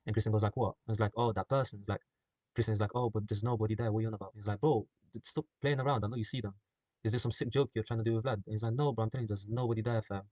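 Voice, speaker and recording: A young-sounding man talks through a story idea in a loose, rambling way, dropping "like" and "um" everywhere. His voice sits low and the sound is close and dry, with no room around it. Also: fairly even intonation, very fast, dark tone, no echo. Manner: rambling, full of "like" and "um". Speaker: group chat member pitching a film plot. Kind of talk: casual story pitch.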